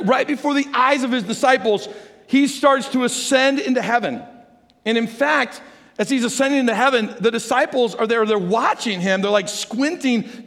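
A man preaching a conversational sermon as pastor, animated and chatty, asking the congregation questions. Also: sits high, vocal fry. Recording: long hall reverb.

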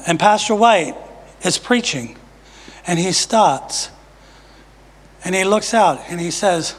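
Male preacher, high voice, emphatic testimony, hushed drops, church reverb. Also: slow, long pauses. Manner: emphatic, swings from loud to hushed. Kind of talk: sermon testimony. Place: church sanctuary. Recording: long reverb of a church hall.

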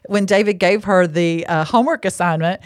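A woman's voice: lowish voice, normal speed, dry recording, clean studio sound. A woman hosting a casual Christian teaching talk, speaking frankly and bottom-line with chatty asides, seated at a table indoors. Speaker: podcast host and lay marriage counselor.

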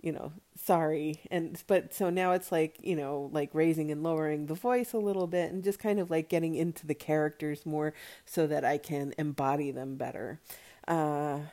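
A woman's voice: sits low, steady tone, normal speed, mellow. An American woman hosting a solo podcast, chatting casually and rambling with plenty of fillers. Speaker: podcast host.

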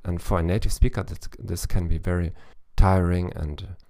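Gravelly low-voiced man giving advice. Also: steady tone, normal speed, dark tone. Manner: thoughtful, with frequent restarts and fillers. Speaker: language coach podcast host. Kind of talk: solo advice podcast.

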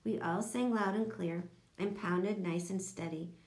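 A woman's voice: medium pitch, steady tone, a little slow, darkish tone, roomy sound. A woman narrating a children's audiobook, switching into voices for each character.

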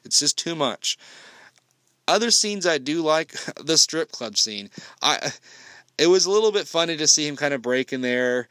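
A man's voice: a little high, expressive, moderate pace, sharp tone, no echo. Blunt, foul-mouthed male film reviewer. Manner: blunt, heavily profane ranting. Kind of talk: casual spoken film review.

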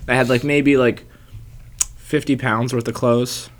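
A man's voice: medium pitch, level tone, measured pace. A young man in his twenties telling a rambling travel story in casual chat, full of "like" and casual swearing. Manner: rambling, fillers like "like" and frequent swearing.

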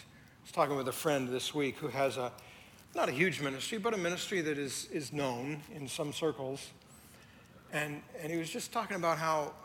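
A male lead pastor delivers a conversational sermon, his voice bright and forceful and pitched a little high. He moves between animated emphasis and hushed, quiet passages. The sound carries a long hall reverb over a faint room ambience. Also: slight background noise.

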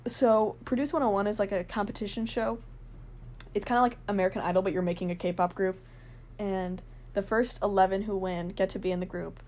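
A young woman telling a rambling, excited story in a casual vlog, full of fillers and laughs. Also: medium pitch.

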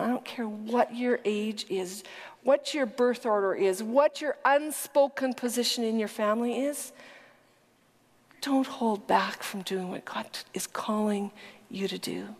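A woman preaching a sermon with earnest, emphatic storytelling, sometimes dropping to a whisper. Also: on the high side. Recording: long hall reverb.

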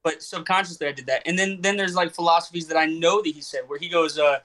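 A man's voice: fairly high pitch, fairly even intonation, fast talker, pushed and bright. A young man hosting a casual podcast chat, rambling and questioning himself with many restarts. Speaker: podcast host and comedian.

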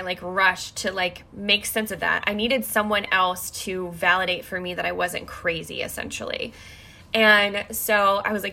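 Bright-voiced woman telling a personal story. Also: mid-range voice. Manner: emotional, rambling, many "like" fillers.

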